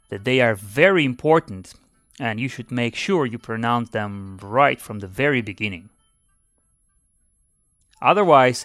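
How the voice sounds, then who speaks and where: A man hosting a podcast lesson, speaking deliberately and demonstrating sounds by repeating syllables. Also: medium pitch, a bit bright, dry recording. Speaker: language teacher and podcast host.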